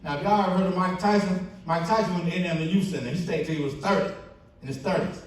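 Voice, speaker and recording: Man, keynote testimony speaker, lively storyteller, higher voice, very echoey hall heard from afar. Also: fast, recorded from a distance. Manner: storytelling, acts out quoted friends in animated bursts. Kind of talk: testimony speech at a banquet. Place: church banquet hall.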